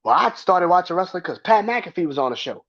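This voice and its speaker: A man's voice: sits high, lively intonation, fairly quick, a bit bright. A man hosting his own podcast, ranting in a heated, profane and emphatic way. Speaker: podcast host. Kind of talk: solo podcast rant. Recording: dull lo-fi sound.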